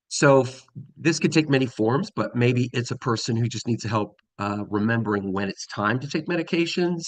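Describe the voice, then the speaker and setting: A man's voice: on the low side, fairly bright tone, dry recording. Man, middle-aged, conference presenter, casual with frequent ums, dry close mic. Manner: casual, many ums and restarts. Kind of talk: presenting a slideshow talk.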